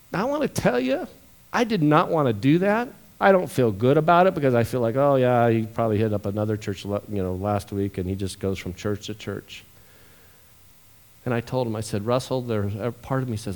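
A man preaching a sermon as pastor, moving from quiet storytelling to loud, emotional scripture reading. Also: on the low side, animated, moderate pace.

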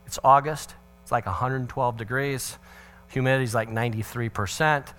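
A middle-aged man gives a parenting seminar talk, telling a family story with humor and doing the voices of the people in it. His voice is medium-pitched, clear and resonant at a normal speed, swinging animatedly as he acts out the family dialogue and tosses in sarcastic asides. Soft music plays in the background.

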